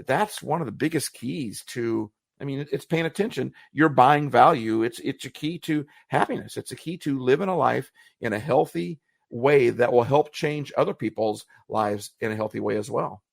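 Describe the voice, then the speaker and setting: A man's voice: mid-range voice, normal speed, gravelly, no room sound, clean studio sound. A man co-hosting a motivational podcast, talking earnestly and reflectively and circling back on his words. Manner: earnest, reflective, repeats phrases when searching for words. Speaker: podcast co-host.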